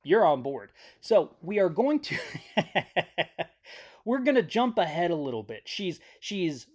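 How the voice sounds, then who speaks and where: Host for a comedic movie recap, lively pitch, rambly, stumbles over words and jokes around. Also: slow pace. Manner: rambling and joking, with self-corrections.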